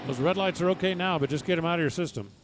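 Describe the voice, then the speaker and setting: A man's voice: on the high side, rapid-fire, over loud music. Folksy male drag racing commentator. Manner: folksy, joking asides. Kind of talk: live race commentary.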